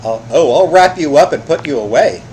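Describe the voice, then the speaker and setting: A man's voice: a little high, lively intonation, normal speed, a little mellow, slight background noise, poor audio. A man playing a video game on his channel, reacting wryly and swearing casually. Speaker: let's play host. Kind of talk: casual gameplay commentary.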